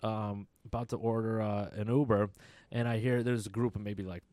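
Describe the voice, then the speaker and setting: A young man with a fairly low voice tells a rambling story in casual conversation, laughing often and dropping the odd swear word. The sound is dry and close, with no room echo. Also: flat delivery, normal speed, a little mellow.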